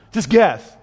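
A man giving a sermon, telling his own testimony, dropping to a hush and then rising loud. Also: high-pitched, breathy edge. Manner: storytelling, swings between hushed and loud. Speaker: preacher. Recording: long hall reverb.

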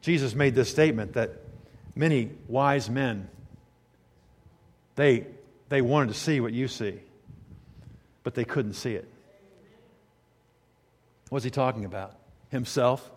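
A male pastor delivering a sermon, moving between soft, intimate storytelling and loud, fervent preaching. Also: medium pitch, slow pace, long pauses, breathy edge, long reverb tail.

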